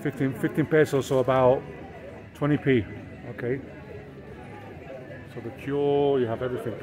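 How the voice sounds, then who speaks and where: A man's voice: medium pitch, fairly even intonation, normal speed. A man, vlogging casually as he walks through a busy outdoor street market, chatting to the camera and to stallholders in broken Spanish. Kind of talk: casual walking vlog. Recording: noisy outdoor market crowd. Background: crowd chatter and passing traffic.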